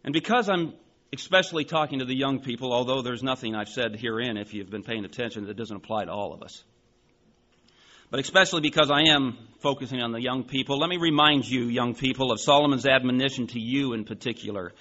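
A man in his forties preaching a sermon, telling a story with animated emphasis. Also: medium pitch, a little fast, highs cut off. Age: 40s. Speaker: pastor.

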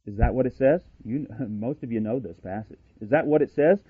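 A man's voice: mid-range voice, animated, normal speed, hardly any pauses, breathy edge, no echo. A man preaching a sermon emphatically, with rhetorical questions, asides and frequent restarts. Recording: dry, tinny radio broadcast.

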